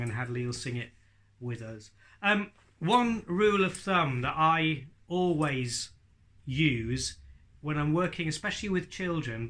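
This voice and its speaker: A man's voice: fairly high pitch, a bit bright. A man teaching ventriloquism in a chatty tutorial, speaking directly to his viewers. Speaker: ventriloquism instructor. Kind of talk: friendly tutorial talk.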